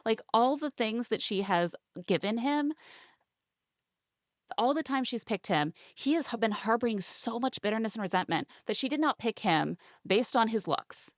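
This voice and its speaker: A young woman co-hosting a podcast, recapping a reality show in animated, indignant casual chat. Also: on the high side, normal speed, no room sound, clean studio sound. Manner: animated, indignant, quotes people in mocking voices. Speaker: podcast co-host.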